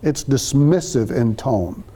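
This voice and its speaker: This Bible teacher's sermon is conversational: he reads verses, explains each phrase in turn, and performs the quoted lines. He is expressive and slow-paced, with a medium-pitched, dark voice carrying a breathy edge.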